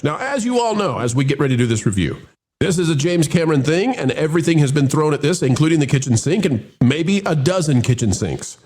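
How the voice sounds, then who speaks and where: A man's voice: a little high, very animated, a little fast, darkish tone. A man hosting a casual movie review chat, opening with showman-style greetings and rambling with restarts. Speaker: host.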